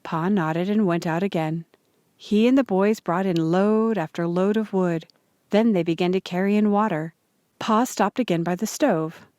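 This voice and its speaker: Woman, audiobook narrator, children's story, steady, clear, mid pitch, dry recording. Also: normal speed, dry recording. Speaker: audiobook reader.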